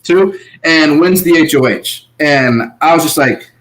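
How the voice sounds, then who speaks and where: Animated man recapping a reality show. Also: on the high side, unhurried, poor audio. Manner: animated, laughs often, voices quoted contestants. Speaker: podcast co-host. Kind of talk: casual recap chat.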